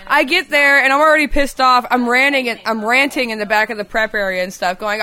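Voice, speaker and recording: A woman's voice: on the high side, steady tone, brisk, few pauses, sharp tone, smooth. A woman co-hosting a podcast, telling a rambling, profane story in casual chat. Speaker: podcast co-host.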